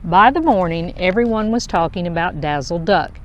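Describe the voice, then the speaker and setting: Lady reading a kids' picture book, slow and expressive, bit low voice, faint traffic behind. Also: dull audio. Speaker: children's book reader.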